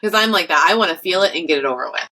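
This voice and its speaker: A woman host with a deep, low voice talks frankly in a relaxed, casual way. She drops the odd swear word and speaks plainly about her own feelings. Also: very fast, low-quality recording. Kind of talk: casual conversation.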